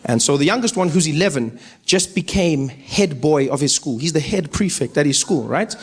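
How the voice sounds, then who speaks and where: Animated South African comedian, high voice. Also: male voice, normal speed, husky. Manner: animated storytelling, acts out characters with big voice jumps. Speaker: stand-up comedian. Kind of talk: stand-up comedy set. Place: stage before a live audience.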